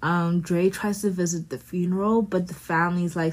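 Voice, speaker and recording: A woman's voice: on the low side, fairly even intonation, normal speed, a little mellow. A woman hosting a podcast, chatting casually through a TV show recap in a rambling way, full of fillers and self-corrections. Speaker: podcast host.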